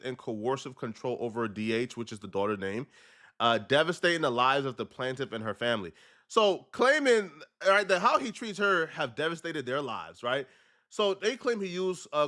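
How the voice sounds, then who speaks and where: Male commentary narrator, bright and forceful tone, casual delivery. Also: medium pitch. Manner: conversational, reads out claims with commentary. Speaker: video narrator. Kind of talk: casual commentary on a court case.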